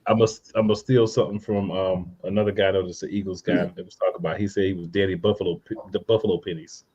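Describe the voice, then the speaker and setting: Deep-voiced fired-up football fan. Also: male voice, little pitch movement, quick pace, mellow, husky, lo-fi sound. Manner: blunt, fired-up fan venting with laughs. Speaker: podcast co-host. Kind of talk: casual sports podcast chat.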